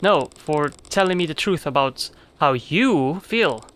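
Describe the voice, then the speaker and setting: A stiff, simple circus ringmaster who speaks slowly and evenly, like a polite machine, as a let's player voices him. The tone stays bright and plain. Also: mid-range voice. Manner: slow, flat, robot-like delivery.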